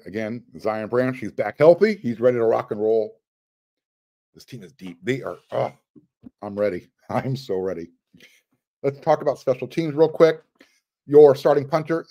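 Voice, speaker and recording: A man hosting a sports podcast, talking casually and excitedly as he runs through lineups. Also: medium pitch. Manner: excited, rattles off names. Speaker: podcast host.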